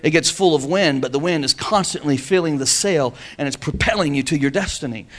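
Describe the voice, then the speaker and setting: A man's voice: on the high side, fairly quick, fairly bright tone. A man preaching a sermon, calling on the congregation to answer back. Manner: preaching with call-and-response. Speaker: pastor.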